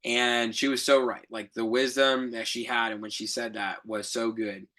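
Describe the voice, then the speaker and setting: A man's voice: mid-range voice, flat delivery, moderate pace, pushed and bright. A young adult man hosting a podcast, telling a reflective story in a rambling casual way, with fillers, self-corrections and light laughs. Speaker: podcast co-host.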